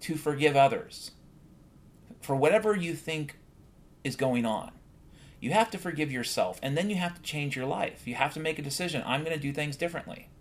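A man's voice: on the high side, animated, fairly quick. A man hosting a solo podcast, ranting bluntly and swearing often in a heated monologue. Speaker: podcast host.

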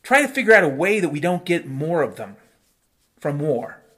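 A man's voice: a little high, big pitch swings, moderate pace, fairly bright tone. A man hosting a solo commentary show, ranting in a profane, sardonic way. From United States. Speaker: podcast host.

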